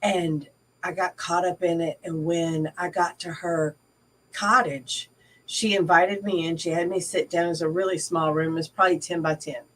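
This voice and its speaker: A middle-aged woman co-hosting a casual online discussion, telling stories in a chatty, animated way. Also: on the low side, normal speed. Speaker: co-host. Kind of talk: casual discussion on a video call. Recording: distant from the mic.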